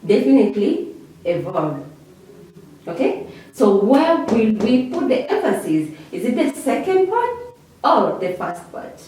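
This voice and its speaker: A woman's voice: mid-range voice, darkish tone. A woman teaching an English revision lesson. She talks patiently and repeats each word for pronunciation drills, often checking in with "okay?". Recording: echoey room, voice from a distance.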